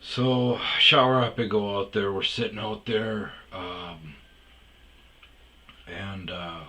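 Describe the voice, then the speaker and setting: A man's voice: fairly low pitch, steady tone, slow pace, bright, forceful tone. A man telling a story casually, rambling and swearing freely as he goes. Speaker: storyteller host.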